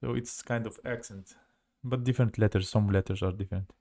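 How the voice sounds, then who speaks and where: A man with a Russian accent teaching casually on a livestream, halting and repeating words to compare their sounds. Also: lowish voice, steady tone, mellow. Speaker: language teacher.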